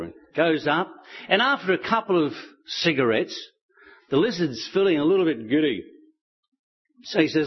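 Husky guy talking to a crowd, kinda higher voice, chatty, muffled recording. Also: moderate pace. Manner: relaxed, chatty, with light laughs. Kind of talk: storytelling talk to an audience.

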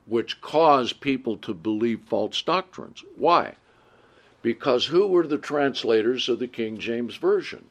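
Man, Bible teaching sermon, reads verses then explains, asks "okay?", voice jumps up for emphasis. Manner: pitch jumps up when stressing points. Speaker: preacher.

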